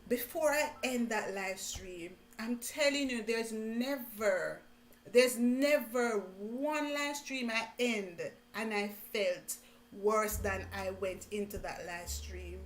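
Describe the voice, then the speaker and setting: A middle-aged Jamaican woman hosting a motivational live stream, talking in an animated way, repeating phrases and laughing often. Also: a little high, slow. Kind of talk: casual interview chat. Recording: echoey room with faint music.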